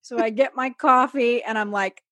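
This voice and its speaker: Podcast host, woman with drawl, lively and swearing, higher pitch, dry close mic. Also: moderate pace, dry recording. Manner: animated storyteller, acts out quotes, swears, laughs often. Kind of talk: casual chat.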